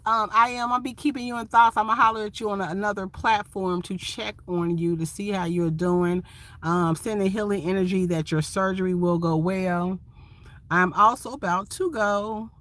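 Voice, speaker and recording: A woman's voice: medium pitch, fairly bright tone. A woman from Ohio, a van-life vlogger chatting casually and expressively with viewers on a phone livestream. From Ohio, USA.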